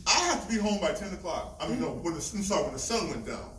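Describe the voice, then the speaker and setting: An older man from Virginia, a panel guest telling lively stories with frequent laughter. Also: fairly high pitch, quick pace, crowd noise. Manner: animated, laughing, swings between loud and hushed. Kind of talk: storytelling on a convention panel. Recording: echoey hall from far off, noisy.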